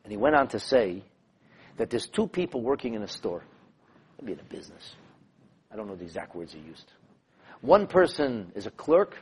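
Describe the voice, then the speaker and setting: A man who is a rabbi teaching a class, telling stories in an animated, emphatic way and repeating phrases to drive points home. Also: lowish voice, moderate pace, pauses often, breathy edge. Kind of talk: lecture with storytelling.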